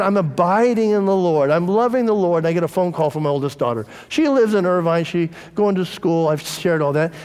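A man's voice: fairly high pitch, a little mellow, long reverb tail. A middle-aged man and pastor, preaching a conversational sermon and telling candid personal stories to his congregation. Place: church.

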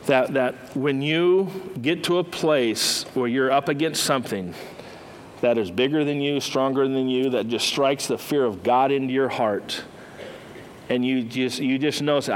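A man's voice: mid-range voice, a little slow, slight background noise, poor audio. A man preaching a sermon in a conversational storytelling way, acting out the characters as he goes.

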